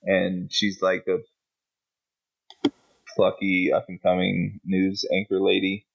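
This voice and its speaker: Gravelly low-voiced profane podcast co-host. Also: male voice, completely flat delivery, takes it slowly. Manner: blunt, profane and sarcastic. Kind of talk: casual chat. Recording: muffled lo-fi audio.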